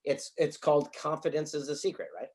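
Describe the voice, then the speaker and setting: A man's voice: on the high side, fairly even intonation, a little fast, a little mellow. A middle-aged man telling anecdotes as an interview guest, sometimes laughing through the punchlines. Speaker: guest author and speaker. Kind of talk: interview storytelling.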